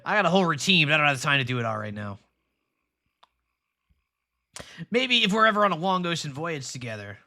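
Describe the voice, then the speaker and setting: A man voicing a gruff, lonely male pirate hermit with hooks for hands, grumbling through a sad tale of his ruined business. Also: on the high side, big pitch swings, very fast, bright, forceful tone, full character voice. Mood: boastful.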